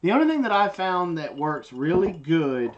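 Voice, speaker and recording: A man's voice: on the high side, very animated, moderate pace, highs cut off. A man hosting a casual home livestream, chatting and joking in a rambling way. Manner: rambling, joking, talks softly to the dog. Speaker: livestream host. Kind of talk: casual chat.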